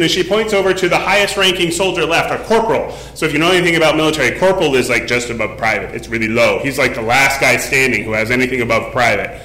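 A man's voice: medium pitch, fast, hardly any pauses, sharp tone. A man in his forties giving a casual sermon in church, telling a story in a chatty way full of fillers. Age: 40s. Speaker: pastor. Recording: echoey room.

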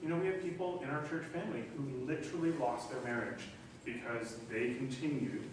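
A middle-aged man preaching a sermon as pastor, animated and acting out voices in the quoted dialogue. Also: mid-range voice, fairly quick. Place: church hall. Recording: echoey room from a distance, faint noise.

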